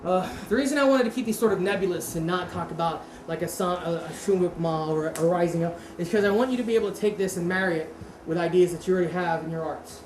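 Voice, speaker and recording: A woman's voice: on the low side, fast talker. A woman teaching a martial arts seminar, talking casually, quizzing the class and correcting herself. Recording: roomy echo with steady background noise.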